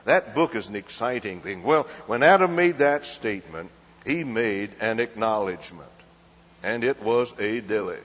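A husky, lowish voice carries this man's folksy sermon, which is expressive and at normal speed, as he asks the crowd questions and acts out small scenes in voices. The hall recording is dull and lo-fi.

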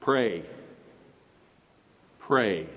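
A man's voice: on the low side, lively intonation, very slow. A man with an Oklahoma accent preaching a sermon in a folksy, emphatic way, quoting scripture often. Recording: dull recording with long hall reverb.

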